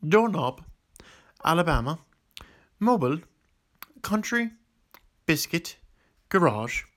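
A man putting on a shaky British accent while reading single words slowly. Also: a little high, fairly bright tone, pitched above the performer's own voice, exaggerated voice. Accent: mock British. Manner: reads a word list slowly, one word at a time.

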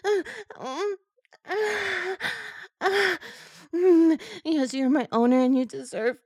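A woman's voice: very high-pitched, takes it slowly, dry recording, studio quality. A young woman performing adult audio role-play in a pleading, submissive manner, with frequent sighs and murmurs.

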